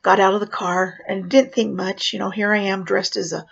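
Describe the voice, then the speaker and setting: A woman who clowns for a living tells a personal story in a brisk, medium-pitched voice that is creaky and slightly rough, with the highs cut off. She's animated, acting out voices and dropping to whispers.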